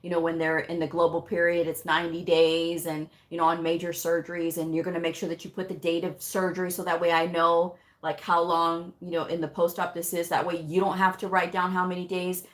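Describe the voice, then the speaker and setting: A woman who teaches medical coding, telling workplace stories in a casual livestream. She is animated, acts out the dialogue and laughs often. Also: on the low side, a little fast, few pauses.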